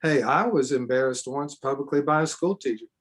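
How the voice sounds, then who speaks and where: A man's voice: mid-range voice, brisk. A middle-aged man teaching a church seminar in an earnest way, repeating himself for emphasis and adding spontaneous asides. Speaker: preacher.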